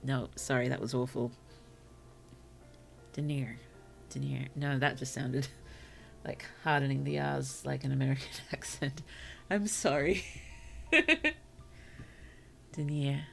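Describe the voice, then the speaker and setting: A woman streamer reading short stories aloud to her chat, slow and careful, with apologetic asides between passages. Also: extremely low pitch, fairly even intonation, gravelly, faint music behind. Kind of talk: story reading on a livestream.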